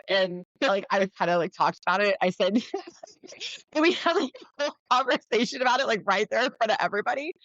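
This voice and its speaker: A woman talking casually as a podcast guest, laughing often and acting out quoted people in a higher voice. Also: expressive, moderate pace, a bit bright, no echo. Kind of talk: casual interview conversation. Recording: dull dry lo-fi sound.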